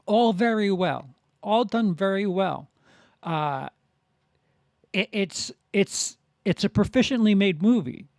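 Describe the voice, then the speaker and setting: A man giving a casual spoken film review, halting and full of restarts. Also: high-pitched, lively intonation, gravelly, a little mellow, no room sound, studio quality. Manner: halting, many restarts and fillers.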